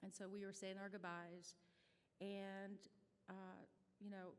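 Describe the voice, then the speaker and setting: A woman's voice: medium pitch, little pitch movement, unhurried, clear, resonant tone. Chatty Midwestern woman speaking in a hall. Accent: Midwestern American. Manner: chatty, self-deprecating, emotional storytelling. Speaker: nonprofit staff speaker. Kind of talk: storytelling speech at a charity brunch. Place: banquet hall. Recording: reverberant hall audio.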